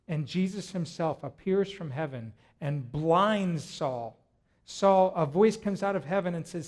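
A male pastor delivers a sermon in a lively storytelling way. His voice sits a little high for a man, and he often breaks off and restarts his words as he goes. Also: unhurried.

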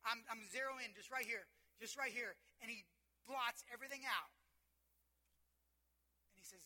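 A man, a pastor, preaching a sermon in an animated, joking way and acting out the scenes he describes. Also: very high-pitched, moderate pace, pauses often.

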